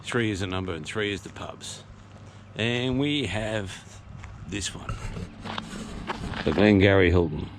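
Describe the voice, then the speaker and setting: An Australian vlog host wanders between pubs, talking casually, rambling and swearing as he films handheld outdoors and inside a country pub. His voice is on the low side, unhurried and full of pauses, with a little background noise.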